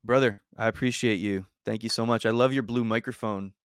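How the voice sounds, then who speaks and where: A man's voice: fairly low pitch, steady tone, brisk, clean tone, no room sound, studio quality. A man hosting a casual chat, friendly and teasing, laughing often. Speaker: podcast host.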